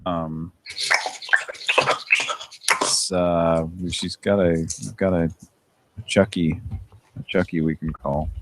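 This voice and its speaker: A man's voice: low voice, steady tone, slow pace, long pauses, noisy background. A man hosting a live prank call show, chatting casually, rambling and laughing often.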